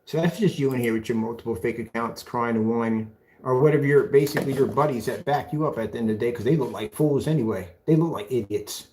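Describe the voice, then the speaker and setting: A man's voice: medium pitch, fast talker, few pauses, darkish tone. A man mocking a rival in a ranting callout video, sarcastic, taunting, and repeating phrases back at him. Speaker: video blogger.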